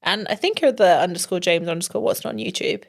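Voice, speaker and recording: A woman's voice: on the low side, lively intonation, fast talker, creaky. A woman co-hosts a podcast in casual chat. She teases her partner playfully and keeps the talk light. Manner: teasing, playful. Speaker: podcast co-host.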